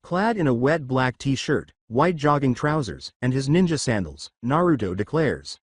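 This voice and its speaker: A man reading scripted fan-fiction narration in an even way. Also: mid-range voice, measured pace, few pauses, no room sound, clean studio sound.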